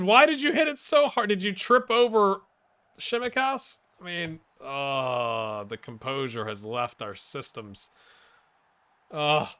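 A man doing let's play commentary for viewers, with excitable play-by-play that swings from loud outbursts to quiet muttering, and jokes along the way. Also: on the high side, clear, resonant tone. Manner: jokey, talks to viewers. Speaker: gaming YouTuber.

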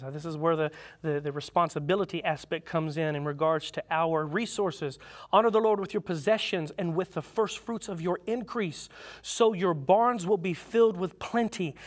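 A man on a Bible study panel, reading verses earnestly with frequent repeats. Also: fairly high pitch.

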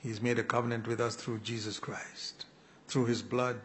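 An older man preaching a sermon in an earnest, pleading way, often clearing his throat. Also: medium pitch, little pitch movement, normal speed, a bit bright, slight background noise. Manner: earnest, pleading, with quoted prayers.

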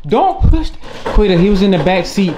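A man's voice: high-pitched, sing-song, moderate pace, background noise. A man vlogging while shopping with a toddler, exasperated and playfully scolding. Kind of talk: casual vlog talk. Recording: loud music playing behind.

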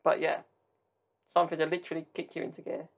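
Talking fast with a completely flat delivery, a creaky, medium-pitched voice carries this casual solo podcast chat. The host, from Southern Italy, rambles and drifts into tangents full of jokey asides.

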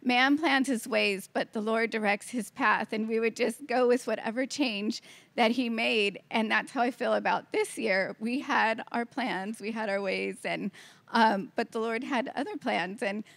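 A woman co-hosting a ministry talk, asking her guest questions in a relaxed, reflective way. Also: a little high, measured pace, creaky, no room sound. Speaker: co-host interviewer. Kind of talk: conversational ministry chat.

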